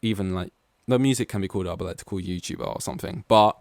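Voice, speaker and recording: A man's voice: deep voice, fast talker, a little mellow, no room sound. Rambling man hosting a solo podcast. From East London, England. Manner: rambling, goes off on tangents, heavy use of "like". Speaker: podcast host. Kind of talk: solo casual podcast monologue.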